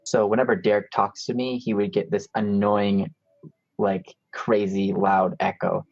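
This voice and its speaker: A man co-hosting a casual advice livestream from a cheap low-quality mic, joking and playful between questions. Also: level tone, measured pace, creaky, darkish tone, dry recording, muffled recording. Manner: joking, playful, apologetic asides. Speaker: livestream co-host.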